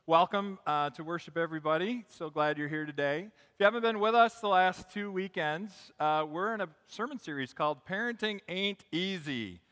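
A man's voice: sits high, moderate pace, few pauses, fairly bright tone. A man preaching as pastor of his church, chatty and upbeat, telling jokes and stories to the congregation. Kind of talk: sermon. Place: church sanctuary. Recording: long hall reverb.

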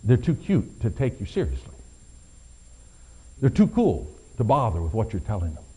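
Middle-aged male pastor preaching with a mellow voice. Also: lowish voice, wildly swooping pitch, normal speed, slightly rough. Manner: swings from quiet to loud, stressed emphatic delivery. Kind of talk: sermon.

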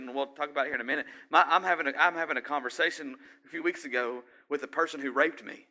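A middle-aged man preaching a sermon in a conversational way, often asking the congregation questions and building to loud exhortation. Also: fairly high pitch, very fast, few pauses. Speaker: pastor.

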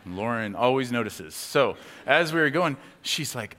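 A man's voice: medium pitch, animated, a little slow, hardly any pauses, sharp tone. A man giving a sermon as a conversational story, with many fillers and acted-out quotes. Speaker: pastor. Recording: long hall reverb.

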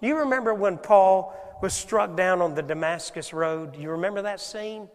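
High-voiced preacher in a reverberant hall. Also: male voice, normal speed. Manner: rhetorical questions to the congregation, swings between loud and hushed. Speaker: pastor. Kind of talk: sermon. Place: church sanctuary.

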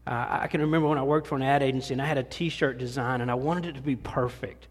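A man's voice: mid-range voice, fairly even intonation, fast talker. A middle-aged man, a pastor preaching a conversational sermon in a church. He talks in a folksy, self-deprecating way and often restarts his sentences. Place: church sanctuary. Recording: long hall reverb.

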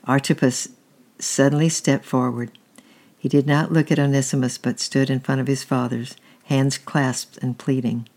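A storyteller reading a historical tale aloud at an unhurried, steady pace, with a few slips. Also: medium pitch.

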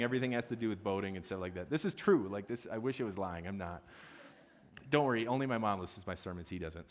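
A man giving a conversational sermon as a pastor, chatty and self-deprecating, with asides and questions to the congregation. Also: deep voice.

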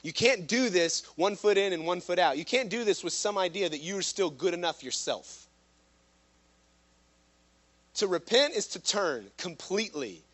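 A man preaching a sermon to a live room, impassioned, swinging from loud urgent lines to hushed ones. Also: high-pitched, expressive, moderate pace. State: out of breath at times. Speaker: pastor.

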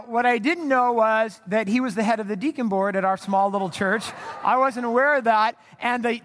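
High-voiced man preaching in a reverberant hall. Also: fairly bright tone. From Southern California. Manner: storytelling, conversational, many fillers and restarts. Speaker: pastor. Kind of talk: sermon.

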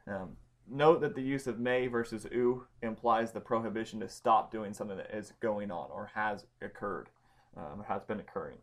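A man's voice: on the low side, normal speed. A man leading a casual Bible study, explaining Greek grammar with emphasis and frequent ums. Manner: informal, stresses key words, many ums and restarts.

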